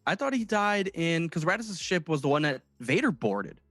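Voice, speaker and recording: A man co-hosting a casual comedy podcast who talks in halting restarts and swears as he rants. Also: a little high, big pitch swings, a bit bright, no echo, soft background music. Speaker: podcast co-host.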